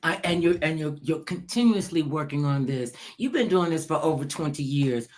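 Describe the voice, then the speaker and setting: A middle-aged woman hosting a casual chat, telling stories with animated acted-out voices. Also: deep voice, normal speed. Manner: animated storyteller, acts out voices. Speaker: host.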